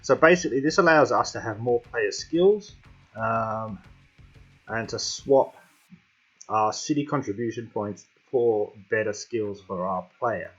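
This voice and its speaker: Chatty low-voiced husky gamer man. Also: lively intonation, measured pace, fairly bright tone. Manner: chatty, talks to himself and the game. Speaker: gaming channel host. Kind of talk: casual let's-play commentary. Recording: slightly dull lo-fi home mic with faint music.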